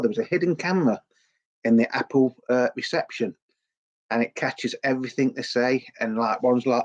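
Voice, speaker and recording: A man's voice: mid-range voice, darkish tone, dull audio. A middle-aged man, giving a rambling, enthusiastic casual review full of fillers and restarts. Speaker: video blogger.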